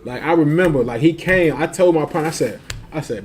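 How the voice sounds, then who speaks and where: A man with a fairly high voice tells a story in loose street slang, laughing as he goes. A faint hiss sits under his voice. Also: lively intonation, a little fast, a little mellow. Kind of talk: casual storytelling.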